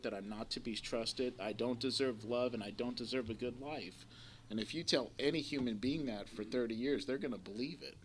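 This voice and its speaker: A man's voice: medium pitch, a bit bright, slight background noise. A man in his forties speaking at a recovery meeting, telling his story bluntly with plenty of swearing and a rambling flow. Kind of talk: personal recovery share to a live audience. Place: community center meeting room. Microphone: live recording of a talk to an audience.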